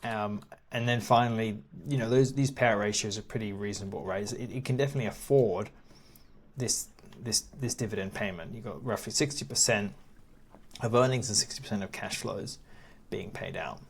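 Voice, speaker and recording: A man walking through stock reports on screen as an investing educator, in a casual, halting way, often repeating words and chuckling now and then. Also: fairly low pitch, slightly rough. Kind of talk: screen-share walkthrough.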